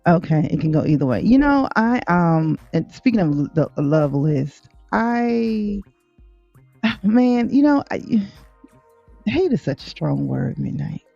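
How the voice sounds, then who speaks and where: A woman's voice: fairly low pitch, slow, creaky, no room sound. A woman co-hosting a casual book podcast, telling stories with exasperation and acting out quotes. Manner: animated, exasperated storyteller, acts out quotes. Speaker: podcast co-host. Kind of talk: casual chat. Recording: dull lo-fi sound with faint music.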